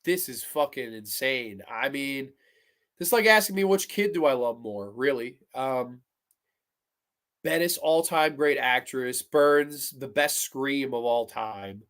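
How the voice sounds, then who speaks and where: A man hosting a live stream, talking to his chat in an excitable, profane way as he agonizes aloud over picks. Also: medium pitch, slow. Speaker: podcast host.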